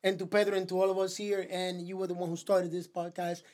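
A man hosting a casual podcast, halting and stumbling over his words with a nervous laugh. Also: high voice, level tone, a little mellow. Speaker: podcast host.

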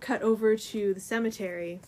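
A woman's voice: mid-range voice, fairly even intonation, moderate pace, noisy background. A woman in casual chat, retelling a comic's story in a loose, filler-heavy way full of "like" and "um".

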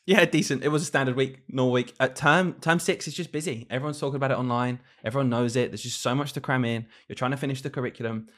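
A man's voice: mid-range voice, steady tone, quick pace, few pauses. A man, co-hosting a podcast as a teacher, telling classroom stories in a casual chat and laughing often. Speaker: podcast co-host, primary school teacher.

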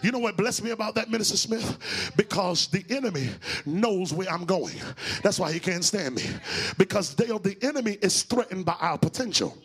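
A man pastor, preaching a sermon that climbs from quiet teaching to shouted, sing-song preaching. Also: high voice, expressive, brisk, husky.

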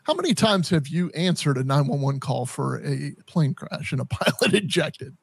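Stammering, animated podcast host man. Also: a little high, creaky, slightly rough, no echo. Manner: animated, halting, lots of restarts and stammers. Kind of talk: casual chat.

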